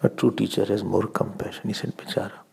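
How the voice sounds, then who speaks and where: An older man with an Indian accent giving a slow spiritual discourse as a swami, telling stories, asking questions and laughing often. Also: lowish voice, level tone, creaky, mellow, breathy edge.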